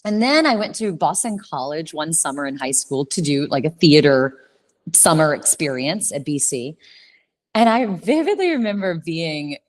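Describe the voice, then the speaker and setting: Guest: woman, soft trace, low-pitched, lively and expressive, conversational. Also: normal speed. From Louisiana, United States. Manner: expressive, animated storyteller with frequent restarts. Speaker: guest, communication coach. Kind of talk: casual interview conversation.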